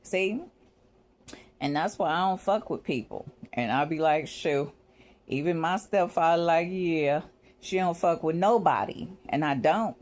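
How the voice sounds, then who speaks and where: A woman's voice: sits low, unhurried, darkish tone. A woman talks through a loose, rambling vlog. She swears freely, laughs between thoughts and keeps acting out what she and others said. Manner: profane, laughing, quoting herself in asides. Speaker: vlogger. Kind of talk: casual rambling monologue.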